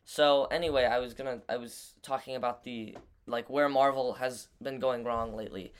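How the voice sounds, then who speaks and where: A man's voice: medium pitch, steady tone, normal speed, clear, resonant tone. Casual man co-hosting a podcast. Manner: steers talk back on topic. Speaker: podcast co-host. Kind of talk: casual chat.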